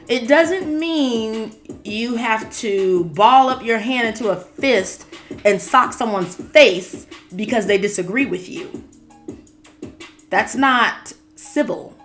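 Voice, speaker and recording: A woman's voice: a little high, fairly bright tone. A woman, chatting casually as a tarot reader and show commentator, with playful asides. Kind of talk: casual chat.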